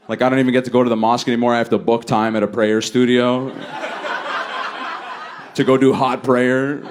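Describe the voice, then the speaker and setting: Laid-back male stand-up comic. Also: slight background noise. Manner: laid-back delivery, jumps high and loud for acted quotes. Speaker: stand-up comedian. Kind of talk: stand-up set. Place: comedy stage before a laughing audience.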